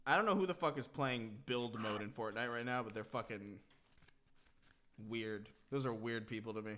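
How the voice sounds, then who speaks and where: A young man of ordinary pitch hosts a relaxed live stream. He talks loosely and casually, dropping curses as he snacks. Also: moderate pace, a little hiss or hum. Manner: relaxed, profane, chatting while eating. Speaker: streamer host.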